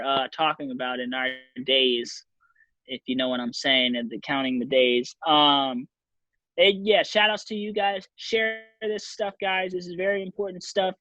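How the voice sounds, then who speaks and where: A man's voice: fairly high pitch, pushed and bright, no echo, lo-fi sound. A man co-hosting a podcast, chatting loosely and joking, with many fillers and asides. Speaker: podcast co-host. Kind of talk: casual chat.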